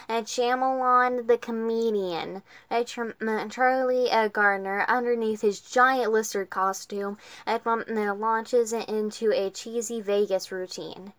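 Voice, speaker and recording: A woman reading a middle-grade novel aloud, halting often, with many fillers and restarts. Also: fairly high pitch, fairly bright tone, clear, resonant tone, no echo. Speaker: reader.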